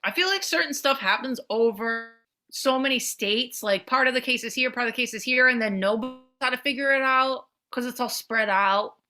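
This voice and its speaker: A woman in her thirties co-hosting a podcast, chatting casually and animatedly, swearing and swinging her pitch. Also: fairly quick, soft background music. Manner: animated, swearing, jumps between pitch levels. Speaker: podcast co-host. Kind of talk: casual chat.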